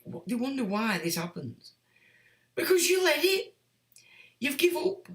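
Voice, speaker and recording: A man's voice: very high voice, big pitch swings, measured pace, fairly bright tone, echoey room. A man hosting a livestream, reading chat comments and ranting in a blunt, sweary, sardonic way. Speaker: livestream host.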